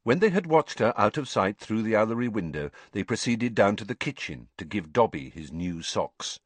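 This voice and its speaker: A man reading a children's novel aloud as an audiobook narrator, expressive storytelling. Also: on the low side, normal speed, no room sound. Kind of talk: scripted narration.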